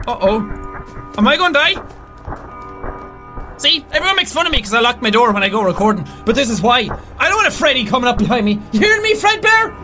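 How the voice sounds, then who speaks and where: A young-sounding man with a very high, lively voice narrates his game play. His tone is bright and sharp, veering from rambling chatter to frightened yelps and curses. Music plays behind him. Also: brisk. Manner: excitable, yelps and swears when scared. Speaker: gaming YouTuber. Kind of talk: let's play commentary.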